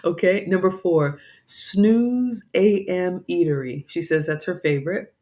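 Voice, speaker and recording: A woman's voice: fairly low pitch, measured pace, mellow. A woman from the American South chatting casually to viewers, tired, apologetic and a bit scattered. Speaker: vlogger, home cook. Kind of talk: casual live-stream chat.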